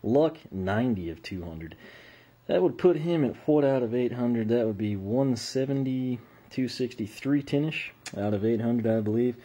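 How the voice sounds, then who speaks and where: A man with an American accent, reviewing a toy in casual unboxing commentary, relaxed and rambling, and losing his voice. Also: mid-range voice, normal speed, slightly rough, muffled recording. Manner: relaxed and rambling, with frequent uh fillers.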